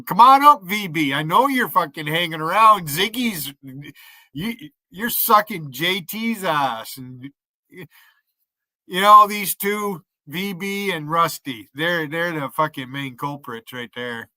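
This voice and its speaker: Man in his fifties, high bright voice, dry close sound, profane taunting live-stream rant. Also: lively intonation, measured pace, dry recording. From United States. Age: 50s. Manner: profane, taunting, calling out rivals. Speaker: livestreamer.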